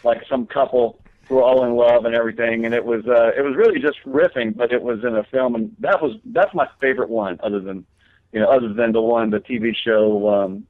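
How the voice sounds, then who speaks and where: A man's voice: mid-range voice, brisk, no room sound. A man talking as a guest comedian in a casual interview, telling long rambling stories with many fillers and restarts. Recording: tinny phone line.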